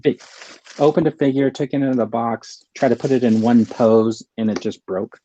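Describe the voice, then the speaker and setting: A man co-hosting a live show in casual chat, relaxed and rambling. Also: medium pitch, moderate pace, lo-fi sound, a little hiss or hum. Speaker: co-host.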